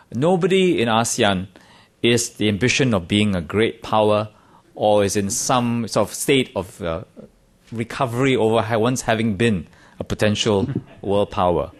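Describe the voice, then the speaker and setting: A middle-aged man from Singapore giving a conference talk in a wry, self-deprecating way, with emphatic stresses. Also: on the low side. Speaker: conference speaker. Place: conference room.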